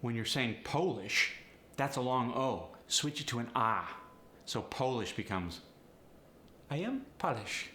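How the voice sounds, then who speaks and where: A male accent coach explaining sound changes in an instructive way, slow and careful. His voice is bright and lively, with a lot of pitch movement. The room is echoey, with faint noise behind him. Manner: instructive, breaks down sound swaps. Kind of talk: step-by-step accent tutorial.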